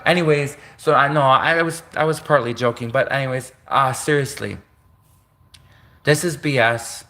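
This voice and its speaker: A man's voice: mid-range voice, normal speed, sharp tone. A man from Canada, ranting indignantly on a solo livestream in a rambling way, with joking asides.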